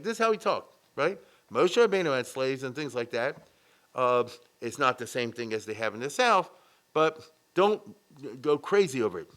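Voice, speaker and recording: Animated rabbi giving a history lecture. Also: male voice, on the high side, moderate pace. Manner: animated, frequent check-ins with the audience. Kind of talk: lively conversational history lecture.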